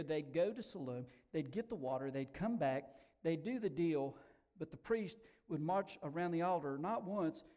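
High-voiced pastor preaching with dramatic swings. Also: male voice. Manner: dramatic storytelling, swinging from hushed whispers to shouts; repeats words as he restarts phrases. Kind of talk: sermon. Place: church hall, also broadcast on air.

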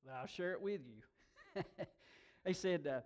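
Pastor preaching with emotional swells. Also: male voice, sits high, lively intonation, takes it slowly. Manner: warm storytelling, with laughs and emotional swells. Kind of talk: sermon.

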